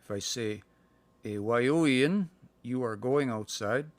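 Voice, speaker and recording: A man's voice: medium pitch, no room sound. Man sounding out phrases on a livestream. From Canada. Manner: thinks aloud, sounds out words slowly, many fillers. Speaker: language learner sharing practice phrases. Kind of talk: casual livestream language lesson. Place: indoors, livestream. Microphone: phone.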